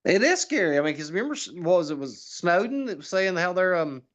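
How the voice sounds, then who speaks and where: A man's voice: sits high, big pitch swings, fast talker. A man chatting casually on a podcast, telling rambling stories with lots of restarts and laughing at his own punchlines. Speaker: political candidate guest.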